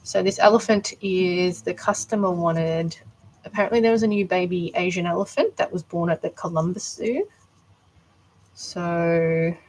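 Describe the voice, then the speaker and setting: A woman's voice: fairly low pitch, slight background noise, rough recording. A young Australian woman chatting casually on a live stream while she builds art dolls, answering viewers' questions as she works.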